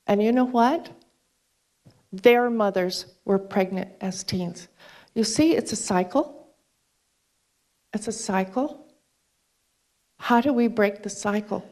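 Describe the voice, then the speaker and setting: A woman speaks from a stage to an audience, telling a personal story in an earnest, heartfelt way. She quotes back and forth from a conversation, and her voice sits at a moderate middle pitch. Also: darkish tone. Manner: earnest, retells dialogue with quick quoted exchanges. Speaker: speaker at a charity talk event.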